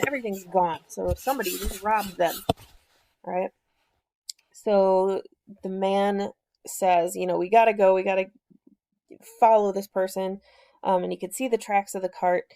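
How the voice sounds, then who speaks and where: A woman hosts a book chat and retells the story of a novel in an easygoing, conversational way. Her speech is loose and unpolished, full of fillers and self-corrections as she walks through the plot. Her pitch sits in a typical middle range for a woman. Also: mellow. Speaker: book discussion host.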